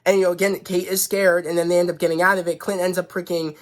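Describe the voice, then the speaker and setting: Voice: medium pitch, little pitch movement, quick pace. A reviewer talking casually through a show episode, rambling and retelling scenes with frequent "you know" and restarts. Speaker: YouTube reviewer.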